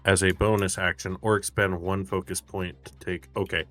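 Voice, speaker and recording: A man's voice: low-pitched, level tone, moderate pace, a bit bright, faint music behind. A man playing a tabletop game, asking about the rules and thinking his moves through aloud. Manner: asks questions, thinks aloud. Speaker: player.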